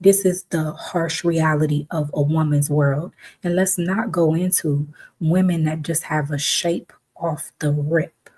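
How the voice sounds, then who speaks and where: Low husky woman talking with emphasis. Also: steady tone, measured pace, few pauses, a little mellow. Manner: emphatic, conversational, acts out quoted voices. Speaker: host. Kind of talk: reflective talk.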